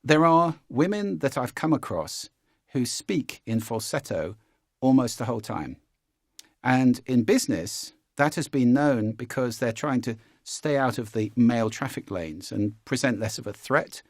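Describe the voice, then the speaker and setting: A man's voice: unhurried, no echo, studio quality. A man teaching a spoken lesson as a voice coach, often shifting his voice to demonstrate. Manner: demonstrates pitch shifts, animated.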